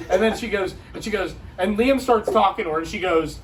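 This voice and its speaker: A man's voice: sits high, fairly quick, few pauses. A young man co-hosting a podcast, telling a rambling story full of repeats and swearing. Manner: rambling, repeats himself, heavy swearing and filler "like". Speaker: podcast co-host. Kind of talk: casual chat and storytelling. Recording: distant mic with faint noise.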